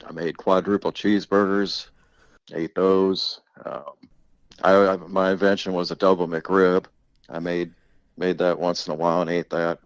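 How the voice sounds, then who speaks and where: An older man, the host's father, rambles through stories in casual conversation, laughing a lot and swearing freely. His voice is deep, and the recording is dry and muffled.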